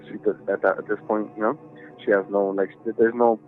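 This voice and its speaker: A man's voice: lowish voice, little pitch movement, brisk, soft background music. A man telling a ghost story as a podcast guest, rambling and swearing with lots of fillers, over a tinny phone-like line. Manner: rambling, profane, many fillers. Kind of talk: casual storytelling.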